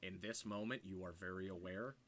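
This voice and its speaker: A man narrating a tabletop game as game master, setting scenes in a slow, hushed way with fillers. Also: sits low, fairly even intonation.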